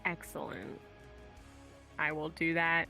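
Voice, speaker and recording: Female tabletop player, enthusiastic, bright with vocal fry. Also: low-pitched, completely flat delivery, slow pace, faint music behind. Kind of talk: casual tabletop game chat.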